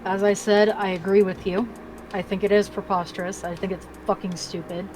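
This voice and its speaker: A woman's voice: mid-range voice, flat delivery, brisk, a little mellow, slight background noise. A woman playing a tabletop game, speaking in character in a blunt, matter-of-fact way. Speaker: player. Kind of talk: tabletop role-play.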